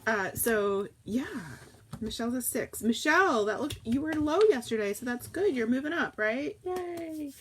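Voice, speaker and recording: A woman's voice: fairly high pitch, animated, moderate pace, slight background noise. Chatty woman hosting a casual live stream. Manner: chatty and rambling, greets viewers by name. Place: camper in a backyard. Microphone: old tablet.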